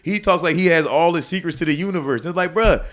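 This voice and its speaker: A man, a comedian guest, talking casually on a podcast in an animated, profane way, often acting out other people's voices. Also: on the high side, fast.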